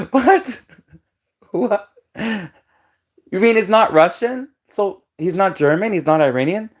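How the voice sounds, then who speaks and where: A man voicing a male American official who laughs in disbelief, in a high, squealing voice. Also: flat delivery, a little fast, few pauses, lightly acted. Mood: mocking.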